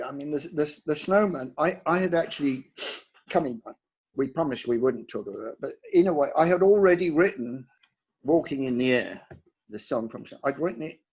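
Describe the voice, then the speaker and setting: An older man, a composer, telling career anecdotes in an interview with a halting, restarting delivery. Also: a little high, breathy edge. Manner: halting, restarts words often, lively storytelling.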